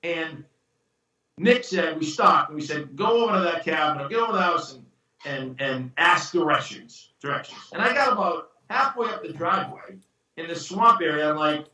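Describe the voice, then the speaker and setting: Speaking at a moderate pace with a voice on the high side, a screenwriter and producer is interviewed about his writing. He's a lively storyteller who acts out the people he quotes, captured in a roomy recording at a distance from the mic.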